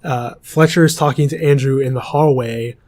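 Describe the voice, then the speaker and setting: A man's voice: medium pitch, fairly even intonation, moderate pace, a little mellow. A young man co-hosting a casual podcast chat, rambling through a film plot and losing his place as he goes. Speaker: podcast co-host.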